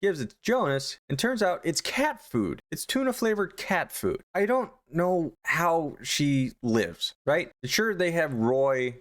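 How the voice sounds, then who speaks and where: A man's voice: on the high side, very animated, slow, hardly any pauses, fairly bright tone. A man giving casual review commentary, sarcastic and exasperated. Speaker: horror anthology reviewer.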